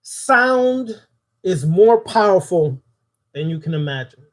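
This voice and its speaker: A man's voice: high voice, sing-song, takes it slowly. A man giving a spoken occult lesson, preaching and putting questions to his audience. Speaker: occult teacher.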